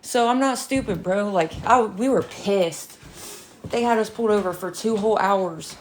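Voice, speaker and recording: A young woman chatting casually on a livestream, telling a story with animated energy, swearing and laughing, a bit out of breath. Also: medium pitch, moderate pace, slight background noise. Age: young adult.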